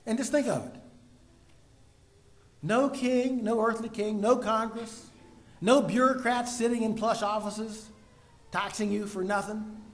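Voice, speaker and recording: A man delivering a sermon, asking the congregation rhetorical questions and breaking into sudden loud emphasis. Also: high voice, steady tone, a little slow, long pauses. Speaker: preacher.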